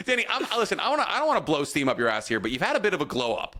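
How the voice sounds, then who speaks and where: A man's voice: on the high side, wildly swooping pitch, rapid-fire, pushed and bright. A man co-hosting a casual podcast, joking and swearing freely as he chats. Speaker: podcast co-host.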